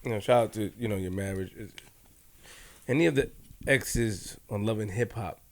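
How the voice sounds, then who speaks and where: A man's voice: on the low side, moderate pace. A man co-hosting a casual podcast interview, asking questions in a teasing, joking way. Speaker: podcast co-host.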